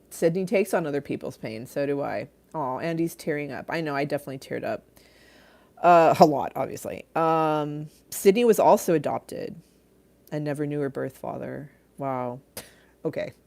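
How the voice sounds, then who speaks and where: Low-voiced middle-aged woman chatting live. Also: moderate pace, creaky, a little mellow. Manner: chatty, laughs often, trails off and restarts. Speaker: livestream host. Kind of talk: casual livestream chat reading comments.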